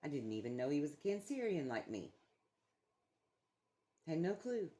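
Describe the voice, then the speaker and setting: Low, lively-voiced blunt storytelling woman. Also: moderate pace. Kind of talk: casual chat.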